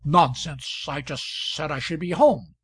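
An irritable middle-aged husband in a storybook, curt and exasperated, as a male narrator reads him. The voice sits high and husky, recorded close and dry. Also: unhurried, dry recording. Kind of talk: audiobook character voice.

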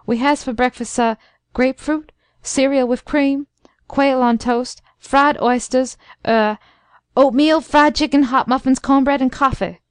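A woman's voice: on the high side, expressive, normal speed, no echo, clean studio sound, lightly acted. A woman reading an audiobook, voicing an eager, flustered elderly male house servant who talks fluently in folksy dialect. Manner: fluent, rattles off lists, folksy dialect speech.

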